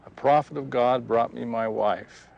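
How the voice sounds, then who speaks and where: A man telling a personal story in a folksy, animated way, recorded outdoors. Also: medium pitch, unhurried, gravelly, dull audio, slight background noise. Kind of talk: personal testimony told outdoors.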